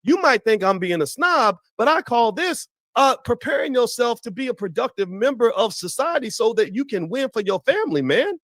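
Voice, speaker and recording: A man's voice: very high voice, big pitch swings, moderate pace, hardly any pauses, a bit bright, no room sound, studio quality. A man giving impassioned, preachy opinion commentary while talking straight to his viewers.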